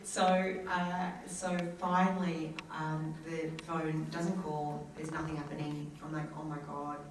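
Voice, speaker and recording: Australian actress, lively panel storyteller, lowish voice, heard from far off in a very echoey hall. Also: female voice, slow pace, noisy background. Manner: animated, acts out quoted voices, laughs often. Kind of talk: anecdotal storytelling to an audience.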